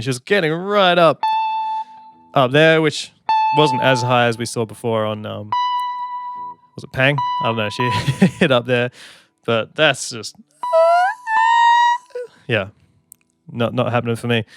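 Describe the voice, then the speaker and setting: A man's voice: medium pitch, moderate pace, long pauses, loud music behind the voice. A man, a songwriter, giving casual, enthusiastic commentary on an album and scatting melodies as he talks. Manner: enthusiastic, chatty, hums and scats melodies. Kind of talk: casual music reaction commentary.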